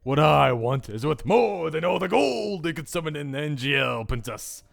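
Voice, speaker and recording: A man's voice: on the high side, big pitch swings, moderate pace, vocal fry, faint music behind, pitched above the performer's own voice, heavily acted. A man voicing a scheming female witch who mocks and scorns, as he reads a visual novel aloud. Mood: scornful. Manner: mocking, scornful.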